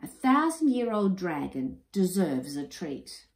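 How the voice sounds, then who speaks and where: A woman's voice: lowish voice, big pitch swings, takes it slowly, exaggerated voice. A woman voicing a caring, cautious mother in a children's story. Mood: motherly. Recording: roomy echo.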